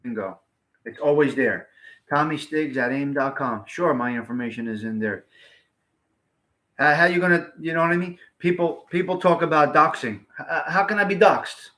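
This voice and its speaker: A man's voice: on the high side, moderate pace, a bit bright. A man hosting a casual livestream, chatting to viewers in a blunt, rambling way and swearing freely. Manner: blunt, rambling, salty-mouthed. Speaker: livestream host.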